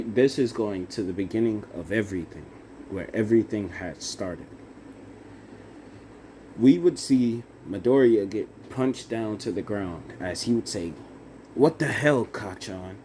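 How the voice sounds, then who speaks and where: A young man improvising a fan-fiction story out loud, halting with fillers and self-corrections. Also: on the low side, slight background noise.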